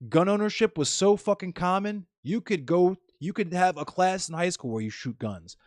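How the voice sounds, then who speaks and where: A man's voice: high voice, moderate pace, dry recording, studio quality. A man streaming live, lecturing his chat in a heated, profane political rant.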